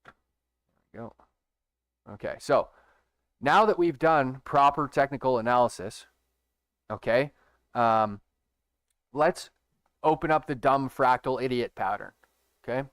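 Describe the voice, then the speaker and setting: A man's voice: mid-range voice, a little slow, long pauses, no echo, clean studio sound. A man giving a casual screen-share trading tutorial, emphatic and profane, who keeps checking in with his viewers. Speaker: stock trading educator.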